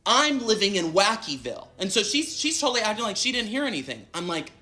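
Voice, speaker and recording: A man's voice: high voice, sing-song, sharp tone. A man in a played clip telling a personal story in a chatty, dramatic way, acting out what others said. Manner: chatty, quick, dramatic retelling with acted-out quotes. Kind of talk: casual storytelling in an interview clip.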